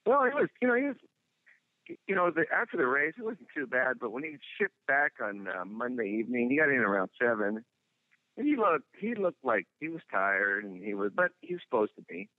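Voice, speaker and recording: A man who trains racehorses, talking in an interview over the phone in a rambling, halting way, full of restarts. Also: mid-range voice, big pitch swings, no room sound. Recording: tinny dry phone line.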